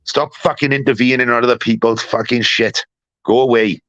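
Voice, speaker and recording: A man ranting angrily and profanely to his live-stream community, jumping between loud outbursts and low mutters. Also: fairly even intonation, normal speed, no echo, lo-fi sound. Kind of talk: angry live-stream rant.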